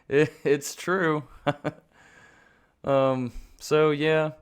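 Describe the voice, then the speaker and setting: A man hosting his channel in a candid, confessional talk, earnest and self-deprecating, unhurried and reflective. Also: a little high, smooth. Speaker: channel host.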